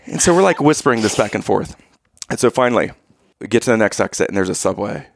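A man co-hosting a podcast, telling a family road-trip story in casual chat, animated and rising to exasperated outbursts. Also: lowish voice, fast talker, gravelly. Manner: animated, rising to loud exasperation when quoting himself. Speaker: podcast co-host.

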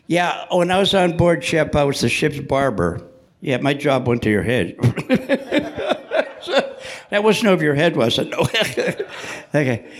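A man's voice: a little high, sing-song, unhurried. An older man, a Navy veteran, telling jokey stories live to an audience in a church hall. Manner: jokey, punchline-driven, chatty with the audience. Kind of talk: joking live storytelling.

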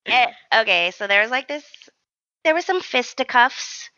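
A young adult woman co-hosting a podcast, telling a story in an animated, slangy, self-mocking way. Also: on the high side, moderate pace, no echo, lo-fi sound. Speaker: podcast co-host. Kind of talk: casual storytelling chat.

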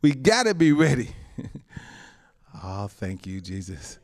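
A pastor preaching a sermon, dropping frequent amens and chuckles, moving between soft, low asides and loud, high exclamations. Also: male voice, very animated, slow.

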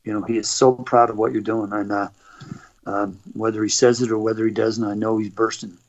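A man's voice: on the low side, brisk. Middle-aged canadian guy rambling thru stories, restarts a lot, kinda muffled recording. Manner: rambling, animated anecdotes with frequent restarts and laughs. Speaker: guest, motivational speaker and former athlete. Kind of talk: conversational storytelling. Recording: dull lo-fi recording.

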